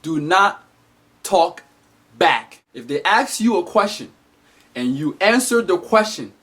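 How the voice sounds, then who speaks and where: A man delivering an animated, emphatic comedic monologue as a vlogger. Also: high-pitched, takes it slowly, slightly rough.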